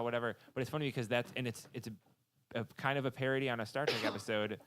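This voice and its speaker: A man's voice: mid-range voice, steady tone, fairly bright tone. A man co-hosting a casual podcast chat, rambling and stopping often to restart his sentences. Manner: rambling, halting with many restarts. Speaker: podcast co-host.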